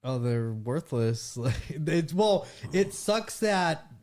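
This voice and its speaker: A man's voice: a little high, lively intonation, takes it slowly, a little mellow. A man who is a guest on a podcast, telling a rambling story in casual chat with lots of fillers.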